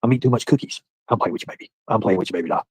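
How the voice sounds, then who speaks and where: A livestream host with a husky, slightly low voice rambles through profane banter with his viewers, speaking loud, loose and rapid-fire. The recording is low quality, with a dry, close sound and no room echo.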